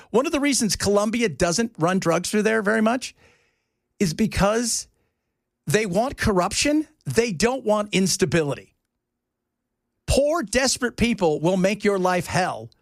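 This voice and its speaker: A man hosting a talk radio show, rambling in a casual, animated way from topic to topic. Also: high-pitched, moderate pace, dry recording, studio quality.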